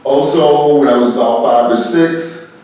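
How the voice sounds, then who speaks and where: Halting male interviewer in an echoey hall. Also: medium pitch, recorded from a distance. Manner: relaxed, halting, many fillers. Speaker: interviewer and host. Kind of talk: casual interview. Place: arts venue, live discussion.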